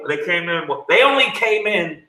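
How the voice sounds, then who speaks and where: A man's voice: high-pitched, a little fast. Blunt, profane male comedian in an echoey room. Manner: blunt, profane, animated storyteller. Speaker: comedian guest. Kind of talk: casual storytelling interview.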